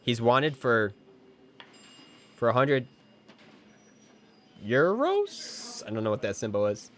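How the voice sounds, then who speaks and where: An excitable male game streamer who jokes with his chat while he plays. His voice sits at a middle pitch, and his reactions jump high when something surprises him. Faint ambient noise hums behind him. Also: moderate pace. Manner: excitable, jokey, talks to chat. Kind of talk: casual live gameplay commentary.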